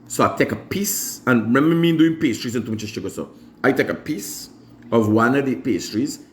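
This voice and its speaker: A man's voice: medium pitch, animated, a little fast, slight background noise. A Guyanese man hosting a live morning show, telling stories animatedly and imitating his mother. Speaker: show host. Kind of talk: casual storytelling monologue.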